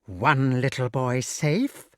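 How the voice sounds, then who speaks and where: A man's voice: medium pitch, takes it slowly, a bit bright, no echo, clean studio sound. A man voicing a cruel, greedy old witch in an audiobook, drawing out her words with relish in a sing-song way. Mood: gloating. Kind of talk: audiobook character voice.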